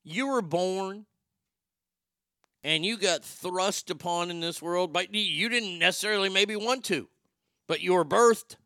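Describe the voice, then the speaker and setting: A man's voice: sits high, measured pace, sharp tone, no echo, clean studio sound. A man hosting a vlog, ranting in a crude, opinionated monologue and stammering over his words. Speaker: vlog host.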